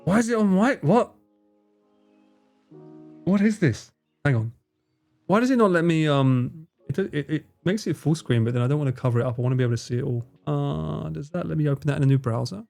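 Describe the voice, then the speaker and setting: A man's voice: on the high side, brisk, vocal fry, darkish tone, soft background music. A man hosting a live stream in casual chat, reading chat, laughing often and swearing freely. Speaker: livestream host.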